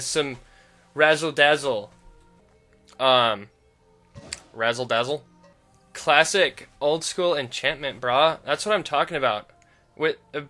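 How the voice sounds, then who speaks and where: A man's voice: on the high side, sharp tone. A man voicing a laid-back female witch in a valley girl voice, drawling and tacking "cha" and "brah" onto her sentences.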